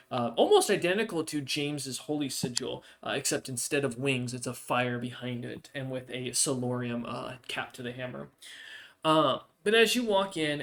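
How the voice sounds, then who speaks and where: A man's voice: medium pitch, fairly bright tone. A man running a tabletop game as game master, narrating loosely with many fillers and restarts.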